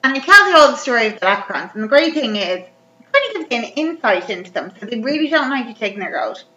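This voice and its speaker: A woman's voice: a little high, very animated, fast talker, pushed and bright. A woman chatting animatedly, recapping a film as a podcast co-host. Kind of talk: casual chat recapping a film. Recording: roomy, dull lo-fi recording.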